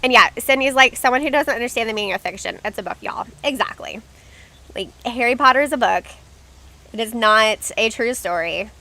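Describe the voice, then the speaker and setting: A young woman hosting a casual livestream, with a bright, fairly high voice. She talks in a loose, chatty way and reads viewers' comments aloud as she plays. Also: fairly quick. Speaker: livestream host.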